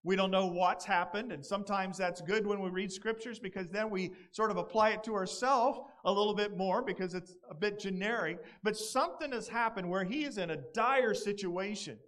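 A man's voice: high-pitched, moderate pace, a bit bright. A male pastor, preaching a sermon in an earnest, conversational way and reading scripture dramatically.

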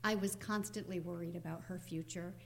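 A woman's voice: on the low side, steady tone, fairly quick, vocal fry, slight background noise. Nervous middle-aged woman sharing testimony. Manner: nervous, earnest. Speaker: congregation member giving testimony. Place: church sanctuary.

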